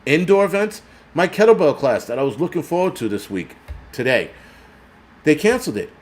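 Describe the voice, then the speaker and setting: A man's voice: on the high side, big pitch swings, brisk, soft background music. An older man, hosting his own channel and ranting with heavy profanity and sarcasm. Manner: profane, sarcastic, mocking voices of others. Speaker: prepper channel host. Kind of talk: angry vlog rant. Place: New York City.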